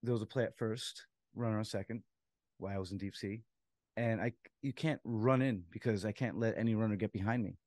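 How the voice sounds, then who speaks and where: A man, a softball umpire and co-host, telling a story in casual chat, laughing as he acts out what people said. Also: fairly low pitch, fairly quick, no echo, studio quality. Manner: animated storyteller, laughs while acting out quotes.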